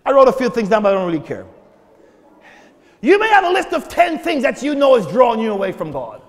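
A man preaching a sermon from the pulpit, breaking into shouted prayers and repeating his words as he builds. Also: extremely high pitch, wildly swooping pitch, a little fast. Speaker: pastor. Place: church sanctuary at the pulpit. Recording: long reverb of a church hall.

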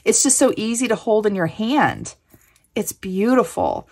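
A woman's voice: medium pitch, huge pitch swings, unhurried, a little mellow. A woman from Kansas hosting a crafting vlog, gushing with effusive thanks as she unpacks a gift package. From Kansas, USA. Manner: gushing, effusive, breathy exclamations. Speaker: crafting channel host. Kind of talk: casual show-and-tell of a gift package.

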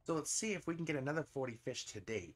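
A man's voice: a little high, animated, quick pace. A man with a Canadian accent giving casual, chatty commentary over a fishing video game, breaking into frequent surprised exclamations. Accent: Canadian English. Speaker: gaming channel host.

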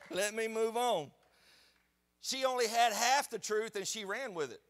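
A man, a pastor preaching a sermon in a church in an animated, conversational storytelling way. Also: sits high, takes it slowly. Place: church sanctuary.

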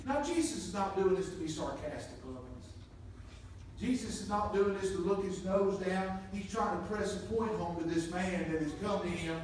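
A man preaching a sermon, moving from quiet scripture reading to loud, emphatic points. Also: sits high, normal speed, slight background noise. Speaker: pastor. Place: church sanctuary. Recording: echoey room from far off.

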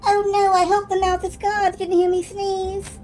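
A woman's voice: very high-pitched, monotone, unhurried, a little mellow, voice pushed up. A woman voicing a timid, frightened little girl in a video game. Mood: fretful.

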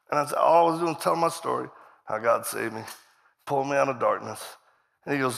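Talking fast in a gravelly, fairly bright mid-range voice, this middle-aged guest preacher tells stories in his sermon. He acts out dialogue and laughs often, his words echoing through a reverberant hall.

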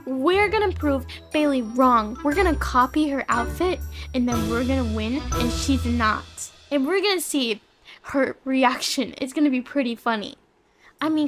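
A woman narrating a game role-play in a chatty, soft way, talking straight to viewers. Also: high voice. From Australia. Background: faint music.

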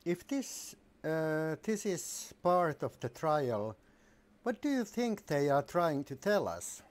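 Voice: mid-range voice, big pitch swings, slow. A streamer giving casual commentary while playing a game, musing aloud with hesitations.

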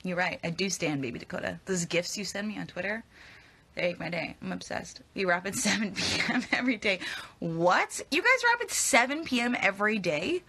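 Recorded on a phone held at arm's length, a young woman responds to fans in a casual live Q&A, rambling and hesitant as she stumbles over her words. Her voice is fairly low and a bit bright, with vocal fry and a breathy edge, and she speaks a little fast.

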